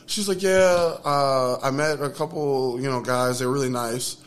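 A young man telling a story in casual podcast chat, animated and laughing as he talks. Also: mid-range voice, measured pace. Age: young adult.

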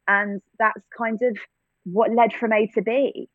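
A woman's voice: mid-range voice, normal speed, no room sound. Brief: English woman actor, thoughtful interviewee, dry close sound, thin phone-like line. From England. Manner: reflective, many restarts and fillers, light laughs. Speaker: actor and theatre-maker. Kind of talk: conversational interview answers.

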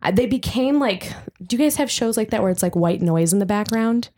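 A woman in her twenties from Chicago, a guest actress chatting in a casual interview, bubbly and quick to laugh. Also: medium pitch. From Chicago, USA. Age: 20s. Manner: bubbly, laughs often, animated.

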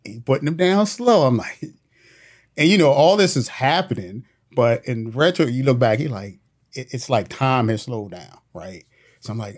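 Man telling a police story, animated. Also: mid-range voice, moderate pace. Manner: animated retelling with slang and quoted voices. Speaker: police officer guest. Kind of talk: casual storytelling interview. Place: podcast studio.

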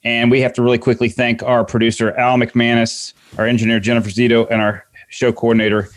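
A man's voice: mid-range voice, level tone, brisk. A man hosting a podcast, chatting casually with a guest and wrapping up the show. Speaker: podcast host. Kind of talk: casual interview chat.

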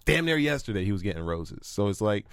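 A man's voice: lowish voice, very animated, quick pace, vocal fry, a bit bright, clean tone, no echo, clean studio sound. A man chatting on a podcast with friends in a laid-back, earnest, slangy way. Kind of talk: casual podcast chat. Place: small podcast studio.

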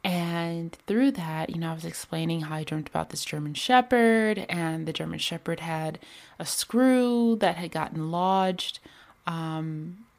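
A woman's voice: sits low, a little slow, darkish tone. A woman hosting a podcast, talking in a rambling, casual way with many fillers. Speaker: podcast host. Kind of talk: casual spiritual podcast monologue.

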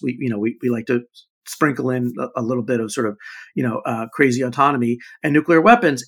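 A man co-hosting a podcast, chatting loosely in a middle-pitched voice. He jokes along, stumbles over restarts and scatters fillers through every sentence. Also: gravelly, a bit bright, breathy edge. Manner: joking, lots of fillers and restarts. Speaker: podcast co-host. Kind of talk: casual chat.

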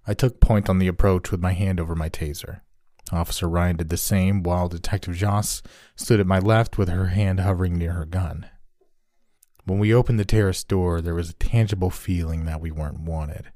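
A man reading a first-person horror story aloud as a scripted narration, in a steady, measured storytelling manner. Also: low voice, dry recording, studio quality.

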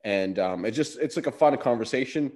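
A man's voice: medium pitch, expressive, brisk, a little mellow. A man hosting a casual podcast chat, joking and chuckling between remarks. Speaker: podcast host.

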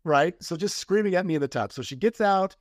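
A man's voice: high-pitched, lively intonation, a little fast, dry recording, studio quality. Candid middle-aged man telling his story. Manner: candid, acts out quoted dialogue. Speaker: podcast guest. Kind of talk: casual interview storytelling.

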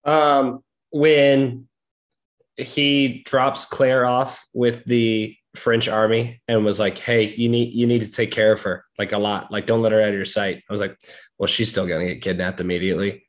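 Casual co-host, man, dry wry delivery, lots of deadpan quoted asides. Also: medium pitch, normal speed. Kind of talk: casual movie chat.

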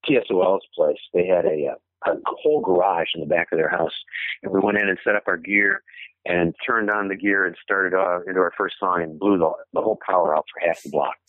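A low-voiced man from Michigan tells stories as an interview guest, rambling with restarts and fillers. His voice comes through a narrow, tinny phone line. The sound is dry, with no room around it. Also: brisk, no echo. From Michigan, USA. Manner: rambling, many restarts and fillers, laughs while telling stories. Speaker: interview guest, former punk band member. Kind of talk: casual storytelling in an interview.

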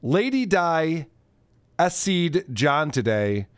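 A man's voice: on the high side, very animated, drawn-out words, smooth, dry recording. A man co-hosting a podcast in casual chat, reading viewer messages, laughing often and teasing with profanity. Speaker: podcast co-host.

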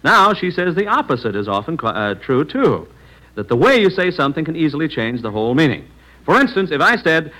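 A man's voice: mid-range voice, lively intonation, fairly quick, sharp tone. A man hosting a 1940s radio quiz show, jovial and teasing with the children. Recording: noisy vintage radio recording.

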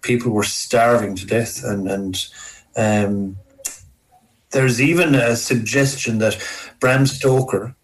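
A man's voice: mid-range voice, steady tone, takes it slowly, slight background noise, poor audio. A man from Ireland with a Cork accent, a guest on a podcast, talking thoughtfully and explaining at length with frequent ums. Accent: Cork Irish. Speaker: guest horror film correspondent. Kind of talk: podcast conversation.

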